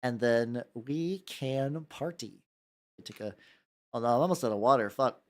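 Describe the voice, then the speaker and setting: A man's voice: medium pitch, a little slow. Young American man, casual painting-stream host, rambly, stammering restarts. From United States. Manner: rambling, stammers and repeats words, laughs often, jumps between topics.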